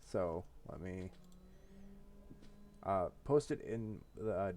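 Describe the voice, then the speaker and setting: A man's voice: low voice, animated, takes it slowly, warm tone, a little hiss or hum. A man streaming a game live, laid-back and chatty, chuckling often and muttering to himself while he types. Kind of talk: casual live-stream chat.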